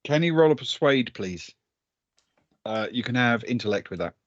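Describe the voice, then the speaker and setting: A man narrating as game master in a tabletop game, measured with frequent hesitations. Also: medium pitch, expressive, dry recording, dull audio.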